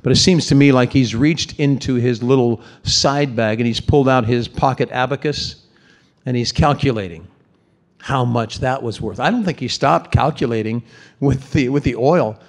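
A man's voice: mid-range voice, moderate pace. A man preaching a sermon in a conversational, emphatic way, often repeating words for stress.

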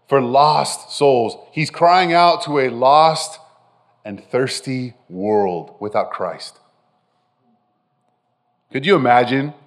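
A man preaching a sermon, animated and direct with his listeners, often dropping from loud emphasis to soft, intimate phrases. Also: medium pitch. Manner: addresses listeners directly with frequent "right?". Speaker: pastor.

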